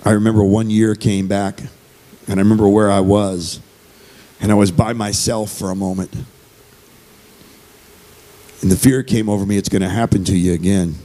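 A man's voice: on the low side, flat delivery, moderate pace, long pauses, mellow. A man giving an earnest, conversational sermon as a visiting speaker and singer, repeating phrases as he goes.

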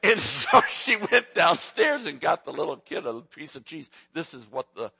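A man's voice: a little high, big pitch swings, moderate pace, vocal fry, background noise. A man in his sixties preaching a sermon, telling folksy family stories and joking with the congregation. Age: 60s. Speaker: pastor.

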